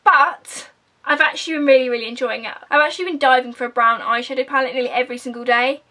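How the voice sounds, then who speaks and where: A woman's voice: high voice, steady tone, fast, sharp tone. A young woman with an Essex accent, casually reviewing makeup in a gushing, chatty way that sometimes drops to a whisper. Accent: Essex English. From England. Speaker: beauty vlogger.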